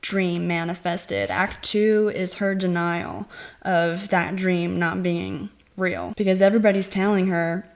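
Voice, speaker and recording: A woman giving a casual movie review, chatty and animated, acting out lines from the scenes she retells. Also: on the low side, slow. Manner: chatty, many "like" fillers.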